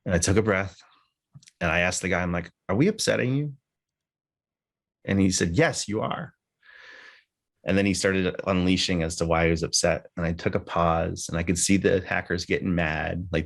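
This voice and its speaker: Deep, gravelly man telling a candid story. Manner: candid, conversational, with casual swearing. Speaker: speaker at a memorial gathering. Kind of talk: personal storytelling tribute. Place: live gathering with people present.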